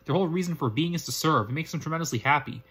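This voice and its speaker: A man's voice: a little high, racing, fairly bright tone, breathy edge. A man reading as a cheeky, boastful boy wizard. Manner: confident, lecturing.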